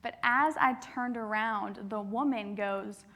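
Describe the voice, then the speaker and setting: A young woman giving a keynote speech to a youth assembly, telling lively stories with acted-out quotes. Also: medium pitch, slow, background noise. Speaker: keynote speaker. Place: large assembly hall.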